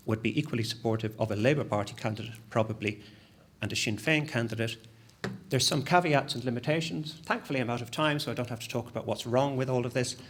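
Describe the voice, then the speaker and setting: A man giving a conference presentation as an academic, lively and self-deprecating, with frequent restarts. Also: mid-range voice.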